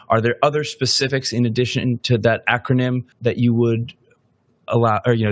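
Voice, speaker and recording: Very low voiced guy hosting a podcast, dry close mic, kinda rambles his questions out. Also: fairly bright tone, no echo. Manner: rambling, thinks aloud with frequent "right?". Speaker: podcast host.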